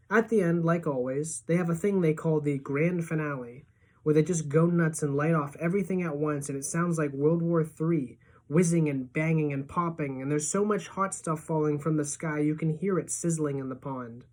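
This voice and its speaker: Low-voiced woman reading a story aloud. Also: moderate pace. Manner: lively storytelling narration. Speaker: teacher.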